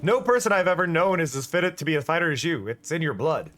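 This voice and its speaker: A man voicing an earnest young warrior who speaks formally and gravely. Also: a little high, lively intonation, fast, a bit bright. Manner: formal and grave, speaks in lofty pep talks. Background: faint music.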